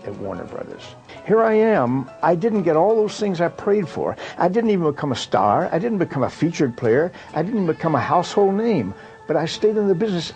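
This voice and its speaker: A man's voice: mid-range voice, vocal fry. An older man from Kentucky, a retired actor, recalling his career in a rambling way with fillers and restarts. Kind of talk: reminiscing monologue.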